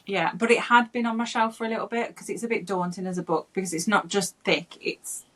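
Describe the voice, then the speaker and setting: A woman's voice: medium pitch, fairly quick, a crowd in the background, rough recording. A woman co-hosting a podcast, chatting casually about a book, giggly and swearing casually. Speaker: podcast co-host.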